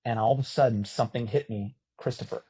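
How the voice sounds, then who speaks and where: A man in his fifties from California, an animated podcast guest telling stories, acting out quotes and swearing casually. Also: medium pitch, fast talker, breathy edge. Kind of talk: casual storytelling chat.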